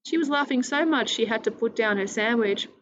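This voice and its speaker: A woman reads a children's story aloud in a gentle, clear manner. The recording sounds slightly dull and lo-fi. A faint hiss sits underneath. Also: fairly high pitch, fairly quick.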